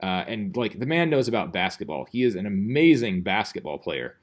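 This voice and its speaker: A man's voice: lowish voice, very animated, fairly quick. A male teacher giving a casual classroom lecture, rambling and conversational, full of fillers and restarts.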